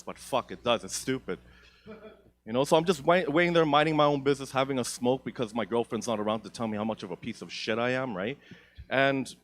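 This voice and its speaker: A young man doing stand-up comedy on a theatre stage, profane, rambling and self-mocking, into a handheld mic. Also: medium pitch.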